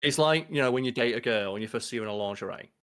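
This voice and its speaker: A man co-hosting a podcast in casual chat, animated and swearing freely as he acts out quoted lines. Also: mid-range voice, racing, smooth. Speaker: podcast co-host.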